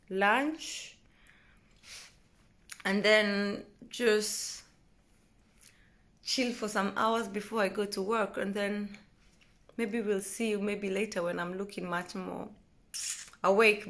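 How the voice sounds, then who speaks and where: A woman from Kenya chatting casually to the camera at home in a vlog, rambling and correcting herself, often trailing off softly. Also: mid-range voice. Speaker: vlogger. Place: at home indoors.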